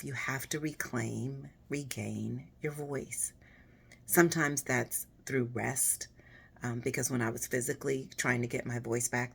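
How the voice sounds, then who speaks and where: A woman with a husky, raspy, hoarse voice talks casually and encouragingly to her viewers in a personal, unhurried way. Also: very deep voice. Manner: warm, personal, unhurried with fillers. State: hoarse after voice surgery. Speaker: vlogger.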